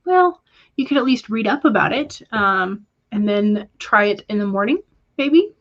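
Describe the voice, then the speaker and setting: A woman's voice: medium pitch, expressive, unhurried, highs cut off. A woman hosting a casual writing livestream, reading viewer comments aloud and answering them, with hesitant fillers along the way. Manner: reads viewer comments aloud and responds warmly. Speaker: livestream host reading chat.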